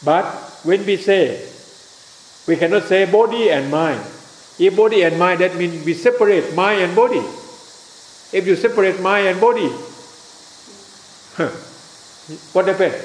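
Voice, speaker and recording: A high-pitched Dhamma teacher from Thailand, speaking English as a second language with a Thai accent, gives a Buddhist teaching to a group in simple, halting English. He keeps checking whether his listeners understand and spells words out letter by letter. The room is echoey, with a faint hiss on the recording.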